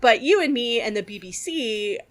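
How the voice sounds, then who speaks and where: A woman co-hosting a podcast in relaxed, casual conversation. She is chatty and breaks into laughter often as she tells her stories. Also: on the high side, moderate pace. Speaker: podcast co-host. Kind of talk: casual chat.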